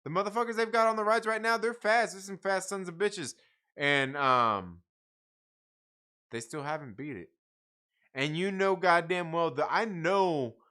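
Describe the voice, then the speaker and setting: A tired man with a sharp, somewhat high voice hosts a casual live stream. He reads out viewer comments and chats in a rambling, profane way, laughing often.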